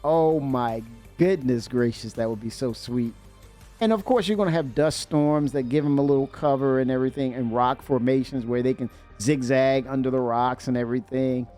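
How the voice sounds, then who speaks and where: Excitable, rambling male streamer. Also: mid-range voice, normal speed, faint music behind. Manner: excitable, rambling, laughs often, many fillers. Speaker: livestream host. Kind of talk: casual chat.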